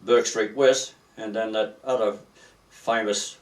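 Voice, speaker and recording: An older Australian man recalls his working life in a halting, rambling way, often restarting his sentences. His voice sits a little away from the mic. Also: on the low side, steady tone, recorded from a distance. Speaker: retired merchant seaman. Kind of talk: oral history interview.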